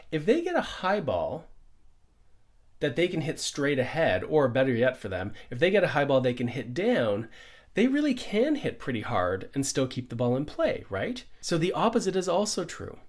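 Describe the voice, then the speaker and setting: A middle-aged man, a pickleball coach, giving an upbeat conversational lesson full of rhetorical questions. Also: on the high side. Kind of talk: instructional explainer.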